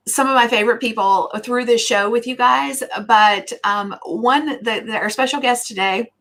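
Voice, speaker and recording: A woman's voice: fairly high pitch, moderate pace, fairly bright tone. A middle-aged woman from the United States hosting a live online show, chatty and effusive, with lots of filler words. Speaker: host.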